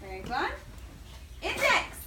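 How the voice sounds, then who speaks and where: A woman teaches a lesson, stopping partway through sentences so her class can supply the missing word. Her voice sits fairly high and bounces around an echoey classroom. The recorder is far across the room, under loud steady noise. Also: takes it slowly. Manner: leaves sentences open for the class to finish.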